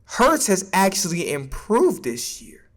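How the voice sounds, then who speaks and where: High, lively-voiced man ranting about sports. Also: slow pace. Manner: emphatic, profane, stammers when worked up. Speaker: sports streamer and podcaster. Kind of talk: casual sports opinion rant.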